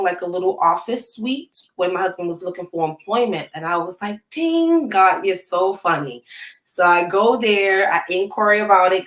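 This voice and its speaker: Low-voiced woman giving a testimony. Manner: casual, many fillers. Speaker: guest, business owner. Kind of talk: personal testimony in conversation. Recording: echoey room.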